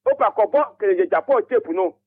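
A man's voice: high-pitched, lively intonation, moderate pace, breathy edge, dry recording. A man calling a radio show, urging voters to back a candidate and reeling off names. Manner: campaigning, appealing to voters, listing names. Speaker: caller. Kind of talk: political phone-in call. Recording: tinny phone line.

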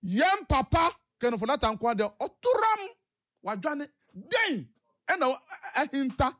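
A man's voice: extremely high pitch, sing-song, slow pace, a bit bright. A man with a Ghanaian English accent, calling in to a talk show and giving impassioned political commentary with rhetorical questions. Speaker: caller.

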